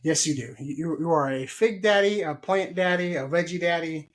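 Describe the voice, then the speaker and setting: A man's voice: fairly high pitch, normal speed. A man hosting a casual gardening podcast, rambling and joking with his guests. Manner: rambling, jokey, laughs often. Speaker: podcast host.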